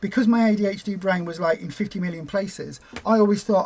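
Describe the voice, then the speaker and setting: A woman hosting a weight-loss group livestream, chatting casually and rambling into lively acted-out asides. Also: medium pitch, a little fast.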